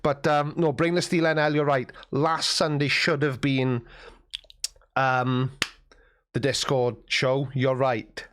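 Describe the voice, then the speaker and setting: A man's voice: mid-range voice, flat delivery, slow pace, fairly bright tone. A man hosting a casual livestream, reading chat messages aloud and answering them with wry, self-mocking banter.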